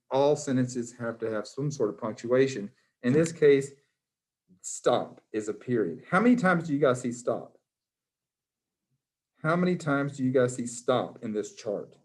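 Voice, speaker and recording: A man with a drawl teaches a biology class. He quizzes his students one by one in a playful, cheerful way, with an average-pitched voice. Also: darkish tone. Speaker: high school biology teacher.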